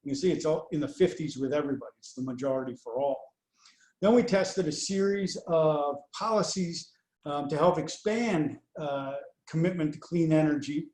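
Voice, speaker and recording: A man presenting poll results over slides in a measured way, with many fillers between the figures. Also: a little high, a little mellow, echoey room. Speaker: pollster presenting survey results.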